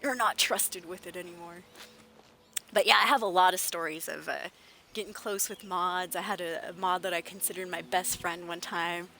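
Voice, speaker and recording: A woman's voice: fairly low pitch, normal speed, creaky. A young adult woman streaming a game, chatting casually and acting out the people she quotes as she tells her stories. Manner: animated storytelling, acts out the people she quotes. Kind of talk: casual livestream chat.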